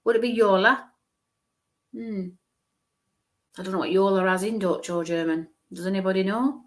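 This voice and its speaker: A woman's voice: mid-range voice, steady tone, moderate pace. Woman medium musing aloud on a livestream. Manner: musing aloud, hesitant, repeating sounds and letters. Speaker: psychic medium. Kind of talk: live-streamed psychic reading.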